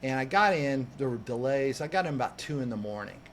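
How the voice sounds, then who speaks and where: A man, a coach and podcast guest, telling a personal story in an animated way, acting out what people said and restarting words as he goes. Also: medium pitch, fast talker, a little hiss or hum. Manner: lively, acts out quoted voices, restarts words.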